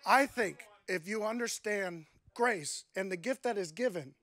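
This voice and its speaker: A guest preacher with a high, animated, slightly bright voice speaks a little slowly. He relates a personal story conversationally during his sermon, acting out his own thoughts.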